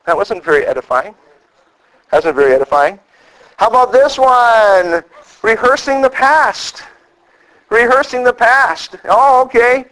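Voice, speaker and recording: Male pastor, middle-aged, high-pitched, animated sermon delivery with acted-out quotes. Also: measured pace, long pauses, rough recording. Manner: animated storytelling, acts out quoted lines.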